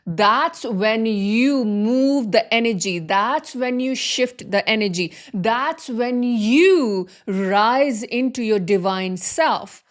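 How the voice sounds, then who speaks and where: A woman with a fairly high-pitched voice gives a motivational spiritual talk as a wealth and healing coach. She speaks earnestly, repeating her phrases for emphasis.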